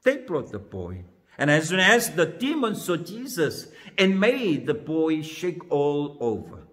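In a large church hall, a minister with a slightly high, sing-song and fairly bright voice slowly and carefully reads a Bible passage aloud. He then retells it plainly in his sermon.

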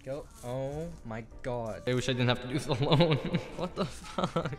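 A man's voice: mid-range voice, normal speed, very noisy. A young man filming a casual vlog in his home kitchen on a phone, flustered and self-mocking as he swears through a build. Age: young adult. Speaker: YouTuber. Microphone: phone camera.

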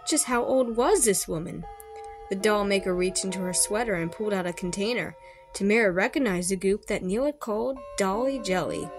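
A woman's voice: medium pitch, normal speed, faint music behind. A woman reading a children's horror story aloud expressively, with small slips and rereads. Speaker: storybook reader.

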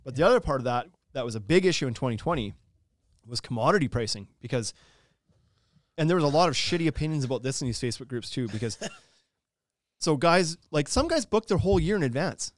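A man talking quickly on a podcast, piling up thoughts with frequent restarts and filler words. His voice sits at an ordinary middle pitch and sounds close and dry, with no room around it. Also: very animated, no echo. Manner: quick, rambling, many "like"s and restarts. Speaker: podcast co-host. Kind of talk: casual podcast chat.

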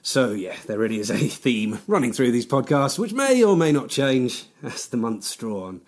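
Chatty podcast host, rambling. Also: male voice, medium pitch, very animated, normal speed. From Britain. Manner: chatty, rambling, laughs often, many fillers. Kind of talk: casual podcast outro chat.

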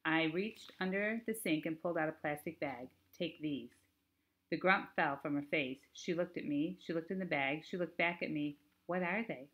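A woman narrating a novel in the first person as a teenage boy, steady and plain. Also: low-pitched, moderate pace, few pauses, muffled recording. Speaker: audiobook narrator.

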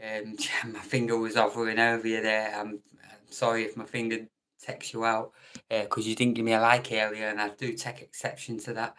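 A man's voice: on the low side, completely flat delivery, normal speed, sharp tone. A British man hosting a late-night live stream chat, joking with viewers and reading out their names, sometimes dropping to a whisper. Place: room at home at night.

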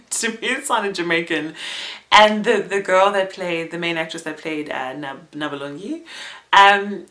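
A woman's voice: lowish voice, pushed and bright. A young woman giving a casual spoken theatre review, chatty and breaking into small laughs as she talks. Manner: chatty, laughs often between words.

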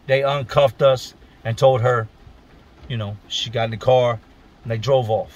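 A man at a middle pitch telling a story straight to his viewers, blunt and profane, with plenty of street slang. He talks the way he would to friends, loose and unpolished. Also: flat delivery, normal speed. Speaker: storyteller, channel host. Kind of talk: casual spoken storytelling.

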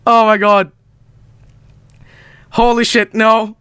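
A young man commentating his game stream live, swearing frantically and laughing nervously. His voice sits high and swings widely in pitch, with a bright, sharp edge. Faint music plays underneath. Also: sing-song, normal speed, slight background noise.

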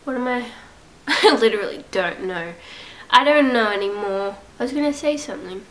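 A woman's voice: a little high, expressive, moderate pace, rough recording. A young woman with a cold, sounding congested, chatting casually to her camera at home in a rambling, self-mocking way. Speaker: vlogger. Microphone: camera set up at home.

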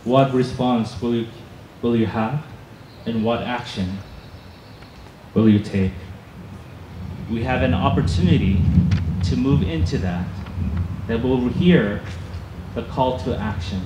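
A man speaking at an outdoor rally, slowly putting rhetorical questions to the crowd before introducing the next speaker. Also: medium pitch, dark tone. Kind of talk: impassioned rally speech. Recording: echoey outdoor PA sound with traffic noise.

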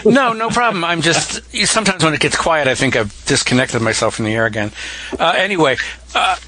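A man's voice: fairly high pitch, expressive, fairly quick, background noise. A man hosting a casual interview who draws the guest out with loose, thinking-aloud questions. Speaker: podcast host.

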